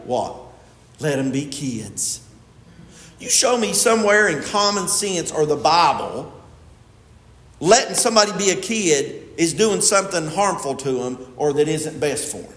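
Male pastor, high animated delivery, echoey church room, emphatic sermon. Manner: emphatic, swings from loud stresses to quiet asides. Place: church sanctuary. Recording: echoey hall with long reverb.

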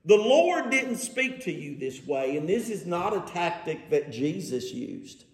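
A man's voice: fairly high pitch, very animated, a little slow. A man preaching a sermon from scripture, asking his congregation rhetorical questions and paraphrasing the text with sarcasm. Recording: echoey room.

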